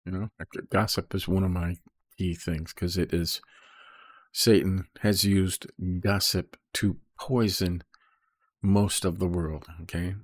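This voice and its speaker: A very low, husky male voice walks through scripture verse by verse, pausing after each point to ask "okay?" or "right?". The recording is dry and close, with almost no room sound. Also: flat delivery, dry recording. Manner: reads verses then explains, peppered with "okay?" and "right?". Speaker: Bible study teacher. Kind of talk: casual Bible commentary.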